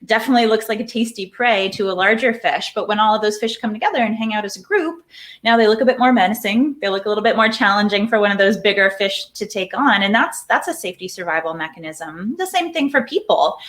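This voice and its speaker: A middle-aged psychology professor answers interview questions thoughtfully and explains as she goes, sometimes repeating words while thinking. Her mid-range voice is a bit bright and fast.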